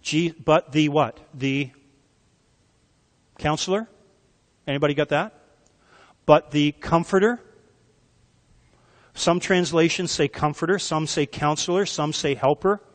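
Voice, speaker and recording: A male pastor delivers an emphatic sermon in a church sanctuary, his voice sitting a little high for a man. He keeps turning questions back to the congregation to draw them in. A long reverb trails each phrase through the hall. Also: a little slow, long pauses.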